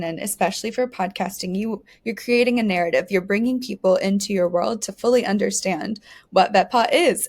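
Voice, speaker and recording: A woman co-hosting a podcast in a mid-range voice. She asks questions with enthusiasm and praises her guest warmly and freely. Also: medium pitch. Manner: enthusiastic and effusive. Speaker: podcast co-host.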